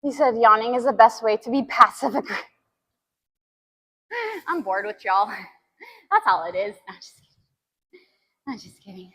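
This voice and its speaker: A woman's voice: fairly high pitch, moderate pace, pauses often, pushed and bright, poor audio. Breathless chatty young woman streamer. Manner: breathless, chatty, trails off and restarts. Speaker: fitness streamer. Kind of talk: casual live-stream chat between sets.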